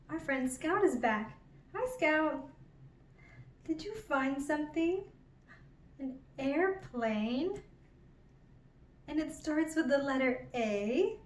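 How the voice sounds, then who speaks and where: A woman teaching toddlers phonics, gentle and encouraging, drawing out each sound. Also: high-pitched, very animated, distant mic. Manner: gentle, encouraging, drawn-out repetition. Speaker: children's educator. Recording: roomy, from off the mic.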